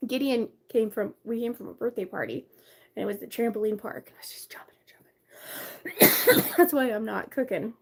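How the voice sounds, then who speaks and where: A woman's voice: fairly high pitch, expressive, normal speed, gravelly, pauses often, a little hiss or hum. Chatty woman live-streaming from her bedroom. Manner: chatty, greets viewers by name, laughs often. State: tired, coughing. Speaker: livestream host. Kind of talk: casual live-stream chat.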